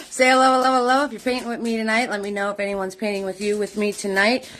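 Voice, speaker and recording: A woman's voice: mid-range voice, level tone, fast, few pauses, fairly bright tone, a little hiss or hum. A middle-aged woman hosting a live online painting class, bubbly and chatty, calling her viewers doll and sweetheart.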